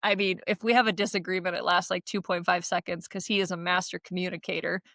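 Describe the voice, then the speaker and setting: A woman's voice: fairly low pitch, little pitch movement, fast, vocal fry, a bit bright, no room sound. Blunt, swearing woman in casual chat. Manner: blunt and profane, storytelling with frequent laughs; emphatic, talks in run-on bursts with fillers like "like" and "right?". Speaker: podcast co-host.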